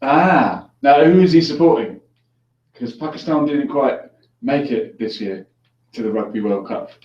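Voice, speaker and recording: Speaking in a mid-range voice that's animated yet a little slow, a man runs a call-in show where he jokes around, chats casually and laughs easily. With headphones on and the mic placed far off, the echoey room comes through on a dull, distant lo-fi recording.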